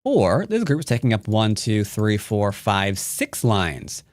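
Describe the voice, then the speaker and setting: A jokey man walks viewers through his moves in live-streamed game commentary. His voice swoops high and low as he clowns around. The sound is dry, with no room around it. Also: sing-song, measured pace, no room sound. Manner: playful, jokey, breaks into silly sing-song nonsense. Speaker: Go teacher.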